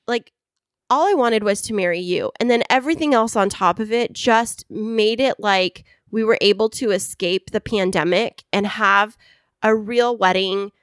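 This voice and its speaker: A woman's voice: mid-range voice, clear, resonant tone, dry recording. Brief: young woman, podcast co-host, gushing and giggly, dry close sound. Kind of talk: casual chat.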